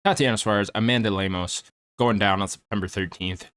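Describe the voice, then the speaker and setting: A man's voice: fairly low pitch, steady tone, a little fast, a bit bright, dry recording. A young man casually previewing upcoming fights, rambling and laid-back with lots of fillers and some swearing. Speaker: MMA commentary YouTuber.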